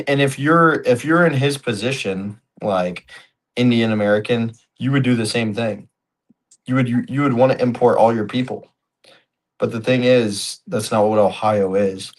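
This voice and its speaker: A man co-hosting a political talk show, speaking in a plain, blunt, casual way. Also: fairly low pitch. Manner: plain-spoken, agreeing, blunt. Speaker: co-host.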